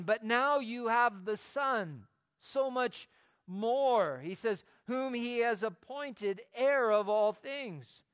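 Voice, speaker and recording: A man's voice: high-pitched, a bit bright, smooth, no echo. A man preaching a sermon, earnest and teaching, often repeating words as he starts a phrase. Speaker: pastor.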